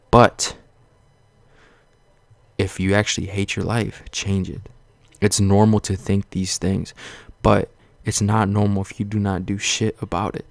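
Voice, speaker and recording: A man's voice: low-pitched, vocal fry, no echo. A man vlogging a casual, earnest pep talk, blunt and profane, circling back over the same points again and again. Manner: blunt, profane, rambling and repetitive; earnest, reassuring. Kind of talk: casual motivational rant to camera.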